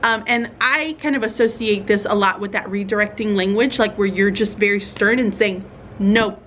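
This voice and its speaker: A young woman teacher, chatting casually to other teachers in a vlog and thinking out loud with fillers and small laughs. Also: mid-range voice, normal speed, a little hiss or hum.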